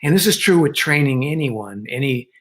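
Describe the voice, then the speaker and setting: An older man calmly explaining ideas as a guest on an online panel talk. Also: medium pitch, normal speed, poor audio. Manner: calm, explanatory, with acted quotes.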